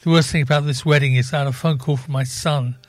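An older man with grandchildren, co-hosting a radio show and telling relaxed stories with frequent chuckles. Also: medium pitch, quick pace, no room sound. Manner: relaxed storyteller, chuckling often. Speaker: radio co-host. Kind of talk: casual radio banter.

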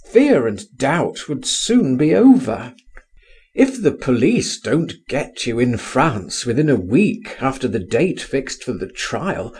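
A man's voice: mid-range voice, darkish tone, breathy edge, voice pushed up, full character voice. A man reading an audiobook, voicing an insistent man coaxing and pleading with a friend to flee. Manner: urgent, coaxing, exclaiming. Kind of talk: audiobook dialogue.

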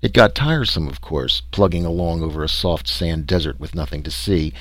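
A man's voice: sits low, animated, brisk, slightly rough, no echo. A man voicing a wry, sarcastic explorer recounting his trek. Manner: sarcastic, dry storytelling.

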